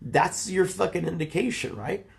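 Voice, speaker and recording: A man's voice: sits high, animated, normal speed, creaky. A man in his thirties arguing heatedly on a livestream, lecturing and exasperated, swearing often. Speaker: streamer.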